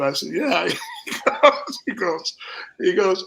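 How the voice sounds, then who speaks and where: Gravelly man telling stories. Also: on the high side, normal speed, bright, forceful tone, poor audio. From Minnesota, USA. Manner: rambling anecdotes, acts out quoted voices. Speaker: guest, spirits company founder. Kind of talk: casual storytelling.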